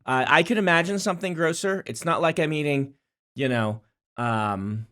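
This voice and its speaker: A middle-aged man co-hosting a podcast in casual chat, with playful banter full of quick self-corrections. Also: on the high side, pushed and bright. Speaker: podcast co-host.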